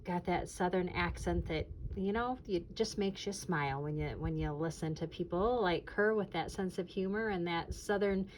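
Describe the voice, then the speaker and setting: Older woman, low-ish voice, casual rambling chat, lots of ums, faint background hiss. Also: normal speed, few pauses, poor audio. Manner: chatty, rambling, many ums and restarts. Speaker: junk journal channel host.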